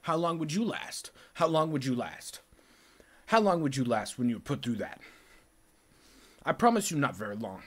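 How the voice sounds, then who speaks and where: Man vlogger, bright voice, lively profane rambling rant. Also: mid-range voice, moderate pace, pauses often. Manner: animated, profane, rambling and repetitive. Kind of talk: casual storytelling rant.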